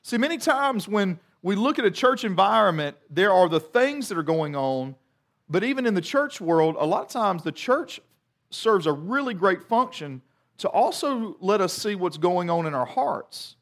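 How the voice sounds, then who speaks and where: A middle-aged man and pastor delivering a sermon as an animated storyteller who repeats words in bursts. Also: high voice, normal speed.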